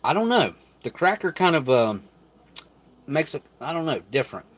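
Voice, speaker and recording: A man's voice: on the high side, very animated, normal speed, fairly bright tone. A man hosting a live stream, chatting casually as he opens packaging and tastes food, thinking aloud and sometimes talking with his mouth full. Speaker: channel host reviewing rations.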